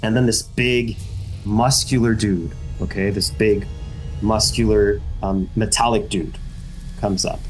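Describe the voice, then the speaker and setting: A man's voice: fairly low pitch, steady tone, measured pace, faint music behind. A man narrating a tabletop game as game master, casual and rambling with lots of fillers.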